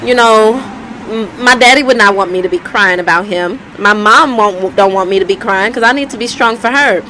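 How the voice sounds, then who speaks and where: A woman's voice: medium pitch, moderate pace, sharp tone, slight background noise, poor audio. A woman telling her life story in a candid, conversational way, often repeating herself. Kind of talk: personal storytelling vlog.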